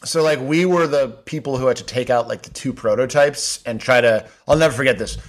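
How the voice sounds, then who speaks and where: A man in his forties spins a rambling, animated anecdote in his middle-pitched voice. He leans on "like" as he goes, chatting as a podcast guest. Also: a little fast. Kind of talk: casual storytelling.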